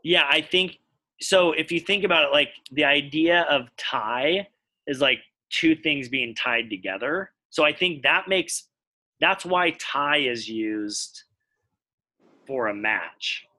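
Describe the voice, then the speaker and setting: A man's voice: a little high, lively intonation, takes it slowly, pushed and bright. An American man co-hosting a podcast, explaining things at length in casual chat while thinking aloud. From United States. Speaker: podcast co-host.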